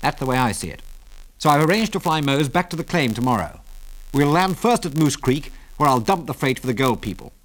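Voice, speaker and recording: A man voicing a calm, unflappable British pilot hero who speaks in clipped, even tones. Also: mid-range voice, brisk, pitched above the performer's own voice, close to an everyday voice. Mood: cool.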